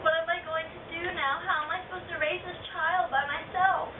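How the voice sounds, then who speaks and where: A woman's voice: very high-pitched, fairly even intonation, a little fast. A young woman, a student acting in an amateur class skit, giggling, breaking character and putting on tearful lines. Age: young adult. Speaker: student actor. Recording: far-off echoey phone-quality video with noise.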